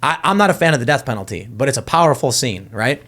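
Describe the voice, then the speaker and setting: A man's voice: medium pitch, animated, fast, a bit bright. Man rambling through a story. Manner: rambling retelling with restarts. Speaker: podcast host. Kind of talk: casual panel chat.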